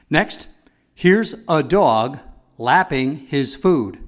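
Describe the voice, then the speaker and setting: A man at an open mic doing stand-up, setting up short animal impression bits and clearing his throat between them. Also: mid-range voice, animated, slow, pauses often.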